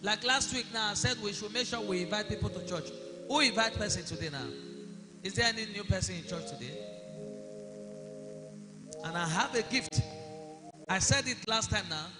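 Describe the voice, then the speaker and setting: High-voiced preacher with in an echoing hall. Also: male voice, moderate pace, pauses often. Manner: rhetorical questions to the congregation, rising to shouts. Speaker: pastor. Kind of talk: sermon. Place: church hall. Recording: long hall reverb with music behind.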